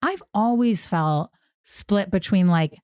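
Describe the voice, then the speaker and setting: A young woman co-hosting a podcast, telling a story in a lively way, acting out the quotes and laughing often. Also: mid-range voice, takes it slowly, clear, resonant tone, no room sound, clean studio sound. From New York. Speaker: podcast co-host. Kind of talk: casual storytelling chat.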